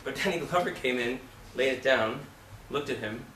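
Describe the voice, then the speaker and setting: A man's voice: medium pitch, moderate pace, fairly bright tone. A man teaching an acting class, talking casually in a blunt, profane and emphatic way. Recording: roomy, from a distance.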